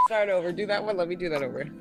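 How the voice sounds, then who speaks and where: A woman hosting a casual review podcast, giggly and flustered, restarting her intro. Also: on the low side. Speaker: podcast host.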